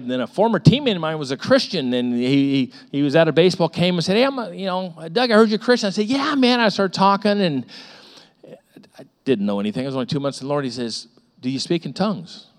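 A middle-aged man preaching a sermon as a pastor, telling stories with lively repetitions and acting out the voices of the people in them. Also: mid-range voice, brisk. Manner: animated storytelling with frequent repetitions and acted-out voices.

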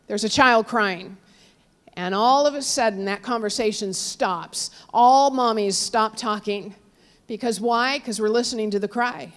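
Woman preaching a sermon, kinda high voice, goes loud then real hushed, storyteller vibe. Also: measured pace. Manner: storytelling, dramatic swings from loud cries to hushed near-whispers; quotes figures in raised voices, drops low and soft on God.

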